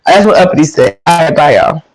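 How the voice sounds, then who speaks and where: A woman's voice: sits low, animated, brisk, over music, rough recording. A woman ranting on a live stream, cursing, combative and repeating her insults. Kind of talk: heated rant.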